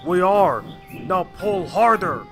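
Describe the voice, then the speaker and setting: A man's voice: medium pitch, slow pace, over music, close to an everyday voice. A man voicing a proud, stubborn male tank engine who brushes off worry. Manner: curt, dismissive.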